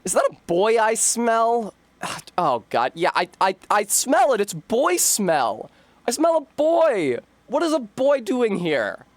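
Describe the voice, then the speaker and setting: A man's voice: high voice, unhurried, darkish tone, no echo, pitched above the performer's own voice. Giddy swooning girl, put on by a man. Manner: breathless, swooning, over-the-top giddy. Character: girl gushing giddily over a boy's scent. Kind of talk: comic reading of an internet meme.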